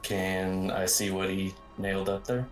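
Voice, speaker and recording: A man playing a tabletop game, terse and deadpan. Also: deep voice, a little slow, faint music behind. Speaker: player. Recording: echoey room.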